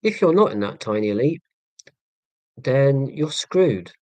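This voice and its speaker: A man's voice: mid-range voice, very animated, unhurried, a little mellow, no echo. A man in his forties from northeast Scotland, hosting a casual live stream and chatting through viewer comments in a rambling, self-deprecating way with many ums and restarts. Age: 40s. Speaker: livestream host.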